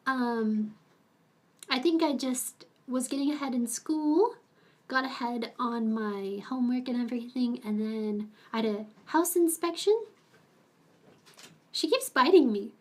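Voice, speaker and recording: A woman's voice: measured pace, a little mellow. A young adult woman streaming, chatting casually with viewers in a rambling way and laughing often. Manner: switches to a high, cooing voice to talk to her pets.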